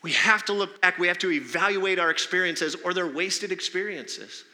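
A man's voice: high voice, normal speed, sharp tone. A male pastor preaching a sermon in a conversational way, pressing the congregation with rhetorical questions. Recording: long hall reverb.

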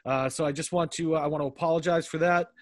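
A man's voice: on the high side, steady tone, fast talker, dry recording, studio quality. Rambling, stammering male podcast host. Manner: rambling, stammering with many restarts. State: tipsy. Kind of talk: casual podcast chat among friends.

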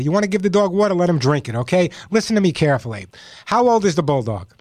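A man's voice: sits high, very animated, quick pace, a little mellow, no echo. A man hosting a call-in radio show about pets, giving emphatic advice and repeating his points. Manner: emphatic, repeats points, puts on dog voices for jokes. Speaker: radio pet show host.

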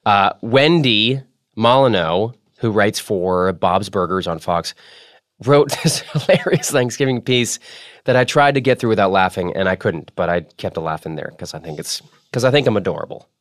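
A man's voice: lowish voice, animated, normal speed, dry recording. Playful, jokey man hosting a podcast. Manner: playful, jokey, self-mocking. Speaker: podcast host. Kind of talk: casual podcast chat.

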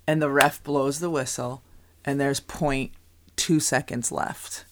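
A middle-aged woman with a rumbling low voice takes her time as she chats casually, co-hosting a podcast. She's also a youth basketball coach, and she tells her stories with animation, laughing often and restarting a lot.

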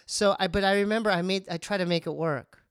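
A man's voice: sits high, fast, clean tone, no room sound, clean studio sound. A man telling a comic personal story in casual chat, stammering and poking fun at himself. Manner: animated, stammering, self-mocking.

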